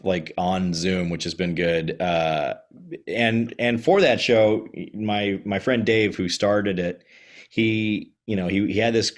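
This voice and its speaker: A man from Texas, a voice actor guest, telling stories in a chatty podcast interview over a video call. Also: low-pitched. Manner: chatty storyteller, slips into character voices.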